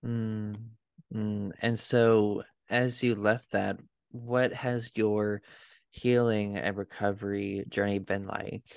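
A man hosting an interview, asking questions calmly and murmuring brief affirmations. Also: fairly low pitch, slow, creaky, clean tone, no echo. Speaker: podcast host.

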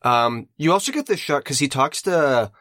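A man's voice: a little high, very animated, moderate pace, fairly bright tone, no echo. Man, podcast co-host, casual, shares trivia, dry close sound. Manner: informative, adds trivia. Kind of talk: casual film discussion.

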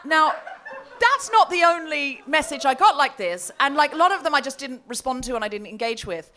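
A woman with a high voice talks a little fast, animatedly telling a funny story and relishing the messages she reads aloud. It's a live comedy podcast on a festival stage with an audience, with a little hiss or hum in the recording.

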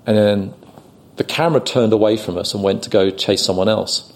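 A British man telling a story on a podcast, animated and often laughing as he acts out the people he quotes. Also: fairly low pitch, fairly quick. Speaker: podcast guest, actor. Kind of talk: casual anecdote telling.

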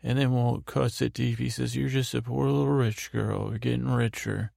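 A man's voice: mid-range voice, little pitch movement, moderate pace, creaky, darkish tone, no room sound, clean studio sound. A man hosting a bedtime podcast, giving a rambling recap full of restarts and fillers. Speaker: podcast host.

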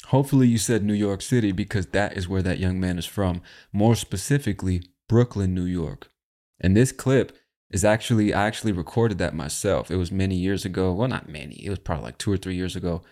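Deep-voiced laid-back podcast host. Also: male voice, brisk, warm tone. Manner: laid-back, chatty, swears casually. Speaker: podcast host, English teacher. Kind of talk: casual podcast lesson.

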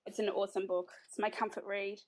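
A woman's voice: medium pitch, flat delivery, quick pace. An Australian woman, a guest author, chatting casually in an interview, laughing easily and restarting her sentences often.

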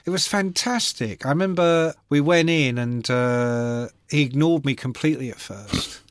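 A man's voice: fairly high pitch, normal speed, clear, resonant tone, dry recording. A middle-aged man, a music journalist, telling rock anecdotes with swearing in a casual podcast chat. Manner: swearing, animated anecdote teller.

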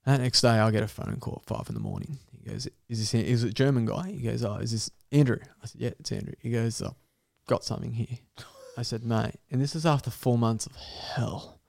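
Gravelly man telling a wild story. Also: mid-range voice, brisk. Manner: animated, swearing, laughing through a story. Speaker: guest storyteller. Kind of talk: casual podcast storytelling.

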